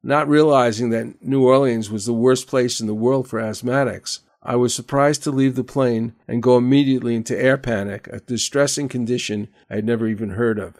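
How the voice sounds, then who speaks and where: An older man hosting a radio show, telling a personal story in measured, earnest narration. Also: medium pitch, steady tone, darkish tone. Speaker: radio host.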